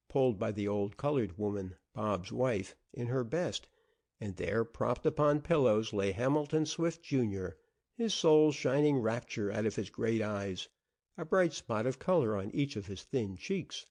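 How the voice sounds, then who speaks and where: An expressive male storyteller reading an old-fashioned tale. His pitch sits mid-range but moves a great deal, rising and falling with the drama. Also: unhurried. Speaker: audiobook narrator. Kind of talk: storytelling narration.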